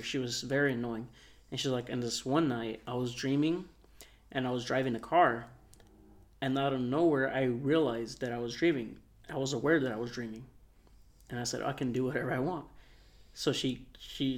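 Chill guy on a podcast telling a long story, quiet, says like a lot, normal pitch. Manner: rambling, soft-spoken, lots of "like". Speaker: podcast co-host. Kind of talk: casual storytelling.

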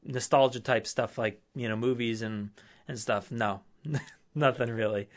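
A man's voice: medium pitch, fairly even intonation, unhurried. Easygoing man, hesitant casual chat. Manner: easygoing, hesitant, filler-heavy. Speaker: podcast guest.

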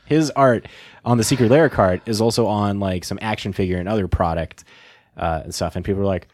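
A man's voice: fairly low pitch, normal speed, a little mellow, no room sound, studio quality. A man co-hosting a podcast, chatting in a rambling, teasing way. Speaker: podcast co-host. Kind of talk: casual podcast chat.

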